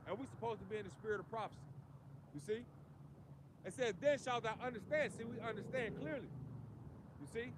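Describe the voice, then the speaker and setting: High-voiced man street preaching. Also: fairly quick, long pauses. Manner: emphatic, preachy, peppers lines with "man" and "you see". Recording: outdoor street noise behind.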